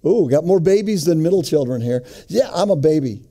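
A man's voice: on the high side, animated, brisk, dark tone. A middle-aged man giving a joking, sermon-style talk to a men's group, often putting questions to the audience. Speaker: men's ministry speaker.

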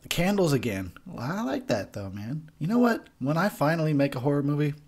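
A man's voice: on the high side, very animated, a little fast. A young man giving a tipsy, profane movie commentary, rambling and laughing at his own jokes. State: tipsy from beer.

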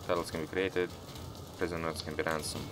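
A man's voice: a bass voice, level tone, a little fast, background noise. A man giving casual, profane gameplay commentary as a let's-player, talking back at the game as he plays.

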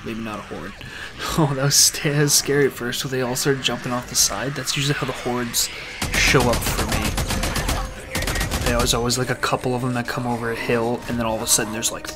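A man's voice: mid-range voice, steady tone, fairly quick, loud music behind the voice. A man giving casual, joking commentary while he plays a video game. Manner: laid-back, joking. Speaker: gamer. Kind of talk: casual let's-play commentary.

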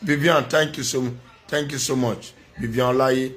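A man with a Nigerian accent delivers a preachy vlog rant. He scolds and lectures, repeating words again and again to drive each point home. His voice sits at an ordinary, middle pitch. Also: steady tone, normal speed, fairly bright tone. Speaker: commentator. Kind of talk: ranting vlog commentary.

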